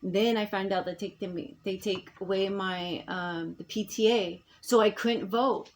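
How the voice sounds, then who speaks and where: A woman records a rambling personal vlog, speaking at a mid pitch. She talks emphatically, restarts her sentences often and lets them trail off. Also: steady tone, unhurried, slight background noise. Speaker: vlogger.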